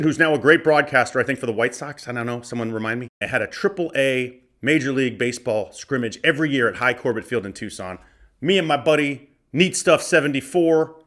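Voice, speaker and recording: With a pushed, bright, mid-range voice, this Arizona man in his forties hosts a podcast. He goes through a box of cards in a loose, profane, joking style of comedic commentary.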